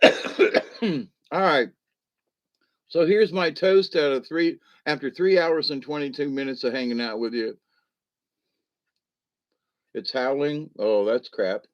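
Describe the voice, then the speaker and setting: A man's voice: mid-range voice, slow pace, pauses often, muffled recording. Rambling, chuckling man on a livestream. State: a little high. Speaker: livestream host. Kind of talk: casual late-night chat with viewers.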